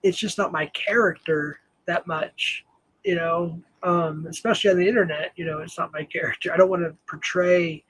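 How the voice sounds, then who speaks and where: Older guy rambling on his livestream, high husky voice, laughs at himself a lot. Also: fairly even intonation, normal speed, a bit bright, low-quality recording. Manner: rambling, self-deprecating, laughs often. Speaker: livestream host. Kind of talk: casual livestream chat.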